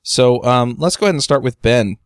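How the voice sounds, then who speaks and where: A man hosting a podcast, friendly and halting, with frequent filler words as he introduces the show. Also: mid-range voice, smooth, no room sound, clean studio sound. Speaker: podcast host.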